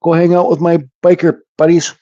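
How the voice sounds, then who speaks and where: A man's voice: on the high side, completely flat delivery, brisk, mellow, lo-fi sound. A middle-aged man from Canada hosting a woodcarving channel, chatting casually and bluntly with live viewers, rambling and swearing freely. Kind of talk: casual chat to live viewers while carving.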